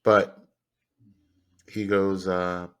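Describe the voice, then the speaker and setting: A man hosting a podcast, telling a personal story in a halting, grief-stricken way with many restarts. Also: sits low, level tone, fairly bright tone, smooth. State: grieving, close to tears. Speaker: podcast host.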